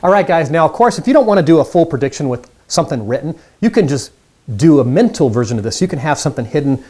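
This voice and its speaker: A man's voice: fairly high pitch, sing-song, fast, warm tone. A man teaching mind reading magic tricks in a casual, upbeat tutorial, chatting straight to the viewers.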